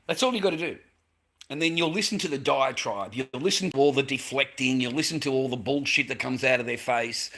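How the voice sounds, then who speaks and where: An Australian man rants casually and bluntly, swearing a lot, repeating himself, and tacking "mate" onto everything. His voice is medium-pitched, fairly quick, and fairly bright.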